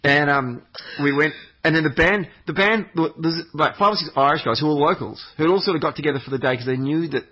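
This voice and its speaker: Guy rambling thru a trip story, swears a lot, ums everywhere, kinda husky voice, lo-fi muffled audio. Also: on the high side, fast, bright, forceful tone. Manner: meandering storytelling, sweary, frequent fillers and restarts. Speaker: podcast regular. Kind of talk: rambling anecdotal chat.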